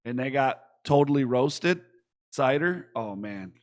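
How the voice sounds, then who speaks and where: A young man from Michigan co-hosting a casual podcast, rambling excitedly and swearing freely. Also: mid-range voice, a little slow. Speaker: podcast co-host. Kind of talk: casual chat.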